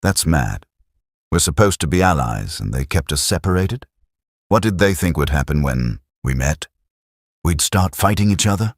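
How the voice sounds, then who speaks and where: A man's voice: rumbling low, expressive, moderate pace, no echo, full character voice. A man voicing a cheeky young British army private from Sheffield who teases in a dry, chatty way. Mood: puzzled. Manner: chatty, teasing, dry humor.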